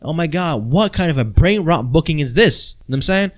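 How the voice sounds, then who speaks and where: A man ranting in a heated vlog, exasperated and crude, jumping from loud outbursts to mutters. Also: fairly high pitch, lively intonation, fairly quick. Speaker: wrestling commentary vlogger.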